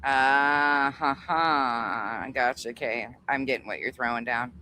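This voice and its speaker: On a livestream, a woman with an extremely low-pitched, sharp voice thanks her members, cursing freely and laughing readily in casual chatter. There's slight background noise in the recording.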